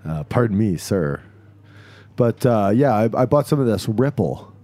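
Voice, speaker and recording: A man co-hosting a podcast, joking casually with deadpan, mock-serious bits. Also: lowish voice, unhurried, no room sound. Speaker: podcast co-host. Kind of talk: casual comedic banter.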